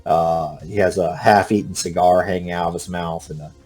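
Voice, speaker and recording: A man runs a tabletop game, describing scenes in a lowish voice. He pauses often on uh and um as he narrates. Faint music plays behind him. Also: fairly even intonation, a little mellow, breathy edge. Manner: halting, full of uh and um. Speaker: game master.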